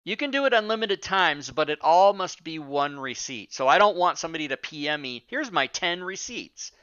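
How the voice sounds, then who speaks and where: A man's voice: a little high, expressive, brisk, bright, forceful tone, smooth, dry recording, lo-fi sound. A man hosting a live-streamed talk show, chatting casually and rambling off on tangents with the odd swear word. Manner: rambling, profane, self-interrupting.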